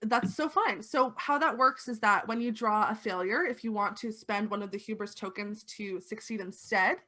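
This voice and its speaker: A woman's voice: mid-range voice, moderate pace, sharp tone. A woman running a tabletop game as game master, chatty and explaining the rules with many fillers. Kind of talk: narrating a tabletop game on a stream.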